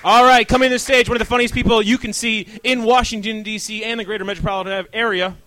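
Hyped high-voiced male comedy emcee. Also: steady tone, quick pace. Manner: loud, hyped announcing. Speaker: comedy show host. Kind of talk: stand-up emcee introductions.

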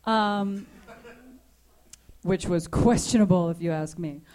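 A woman's voice: fairly low pitch, slow pace. Joking woman co-host on stage. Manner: joking, deadpan storytelling. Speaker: comedy co-host. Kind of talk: live comedic chat. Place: ballroom stage before a live audience.

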